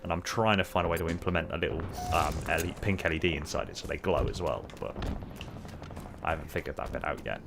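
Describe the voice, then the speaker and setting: A man's voice: deep voice, quick pace, gravelly. A man streaming a video game, chatting casually to viewers with lots of fillers while he plays. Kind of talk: casual gaming commentary. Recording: game gunfire noise behind voice. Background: game gunfire and sound effects.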